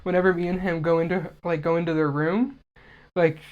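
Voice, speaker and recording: A man's voice: fairly high pitch, flat delivery, a little fast, narrow, tinny audio. A man co-hosting a casual podcast. He banters in a playful, teasing way and swears freely. His talk stays easygoing and conversational. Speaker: podcast co-host. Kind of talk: casual chat.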